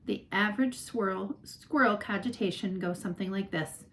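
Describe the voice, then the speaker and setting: A woman reads a children's novel aloud with expressive, lively storytelling. Her voice sits at a middle pitch, with a faint hum of background noise. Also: moderate pace, poor audio. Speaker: reader. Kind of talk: audiobook narration for children.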